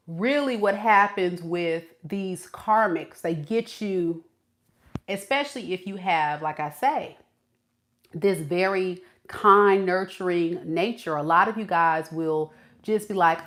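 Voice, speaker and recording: A woman's voice: fairly low pitch, slow. A woman tarot reader giving a casual, chatty reading to her viewers, acting out quoted voices and laughing at herself. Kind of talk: casual spiritual reading to camera.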